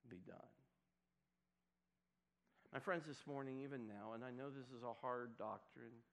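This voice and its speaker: A man preaching a sermon to a congregation, swinging from loud emphatic bursts to hushed, quiet lines. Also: mid-range voice. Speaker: pastor.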